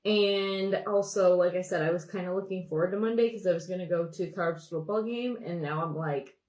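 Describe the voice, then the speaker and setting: Her voice lowish, brisk and a little mellow, a young woman from Montana, USA, chats casually on a makeup livestream, rambling and greeting viewers by name. The sound is roomy.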